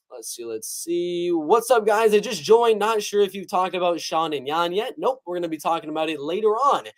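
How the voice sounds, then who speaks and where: A young man with a high, light voice hosts a casual fight-picks livestream. He jokes his way through the chat comments in an easygoing, chatty manner. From North Carolina. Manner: reads chat comments aloud, joking. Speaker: MMA prediction livestream host.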